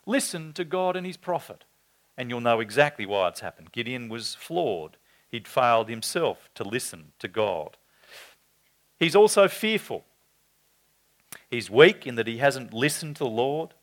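A man's voice: big pitch swings, measured pace. A man preaching an expository sermon, reading scripture aloud with dramatic voices for the quotes. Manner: pitch and volume jump high when voicing quotes.

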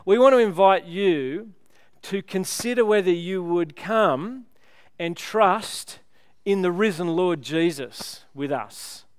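A man's voice: high-pitched, slow, clean tone, dry recording, clean studio sound. A man preaching a sermon, chatty and joking with the congregation. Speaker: pastor.

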